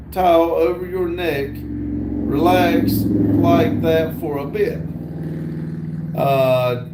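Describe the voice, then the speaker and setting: A middle-aged man with a Southern US accent hosts an outdoor live stream on his phone, reading viewer comments aloud in an easygoing manner with many "uh" fillers. His voice sits high with a darkish tone, and the sound is reverberant with slight background noise.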